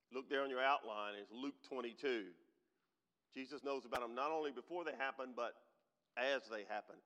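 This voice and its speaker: A man preaching a sermon as pastor, swinging from loud emphatic preaching to quiet, emotional, near-tearful moments. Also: mid-range voice, normal speed. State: emotional, holding back tears. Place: large church sanctuary. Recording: long hall reverb.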